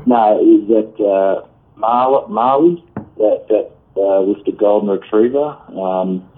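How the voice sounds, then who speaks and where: A man in his fifties calling in, giving frank, blunt advice with many halting fillers. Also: fairly low pitch. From Australia. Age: 50s. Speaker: caller. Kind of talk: call-in advice. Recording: tinny phone line.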